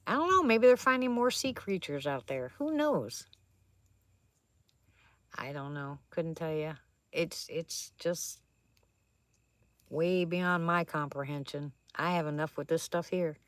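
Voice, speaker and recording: A woman with a low-sitting voice talks at a measured pace with long pauses, recorded dry. Hosting a livestream from an attic in her home, she reads viewer chat, greets people by name, and laughs often.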